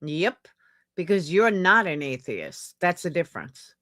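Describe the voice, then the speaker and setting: A woman's voice: fairly low pitch, sing-song, a little slow, a bit bright, dry recording, studio quality. A woman streamer giving blunt, casual commentary on a clip, swearing freely. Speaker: streamer reacting to clips.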